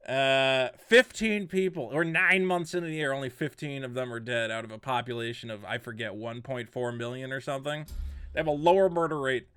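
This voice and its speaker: A man's voice: mid-range voice, a little fast, a bit bright, clean tone. A man hosting a casual online commentary, sarcastic and mocking, often rambling and restarting his sentences. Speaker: commentary host.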